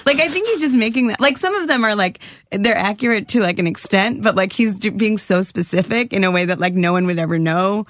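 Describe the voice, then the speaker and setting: A woman guest-hosting a casual chat show, playful and quick to laugh. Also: mid-range voice, no room sound, studio quality. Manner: playful, laughs often, tries silly accents. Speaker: guest host.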